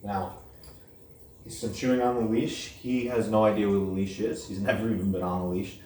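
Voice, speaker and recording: Brief: deep-voiced male dog trainer, blunt casual teaching style, distant roomy camera audio. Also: flat delivery, normal speed, darkish tone, a little hiss or hum. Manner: blunt, repetitive, saying "okay?" often. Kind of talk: casual instructional talk.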